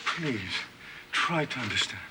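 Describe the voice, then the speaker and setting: An actor playing a tormented, childlike male creature in a 1970s TV horror drama, speaking in halting, plaintive phrases. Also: medium pitch, expressive, background noise, natural voice. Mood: pleading.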